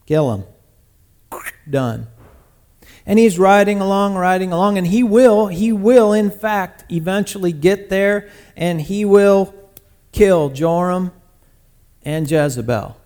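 Animated man telling a sermon story. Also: high-pitched, slow. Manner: lively, conversational retelling with sudden loud bursts. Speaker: pastor.

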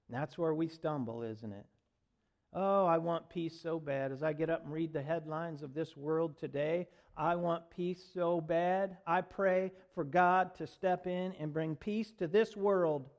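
A man preaching a sermon, swinging from loud proclaiming to hushed, tender lines. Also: on the high side. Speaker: pastor.

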